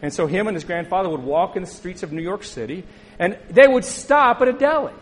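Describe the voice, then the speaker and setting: A middle-aged male pastor with a husky, fairly high voice. He preaches in a relaxed, conversational way. He often stops to put questions to his listeners. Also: fairly quick, poor audio. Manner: conversational storytelling with questions to the congregation. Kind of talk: sermon.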